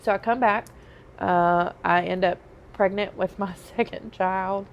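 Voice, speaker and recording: A woman's voice: medium pitch, fairly even intonation, a little slow, muffled recording, a little hiss or hum. A woman, a podcast guest, candidly telling her own life story in a conversational way, often saying um and like. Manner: conversational, frequent "um" and "like".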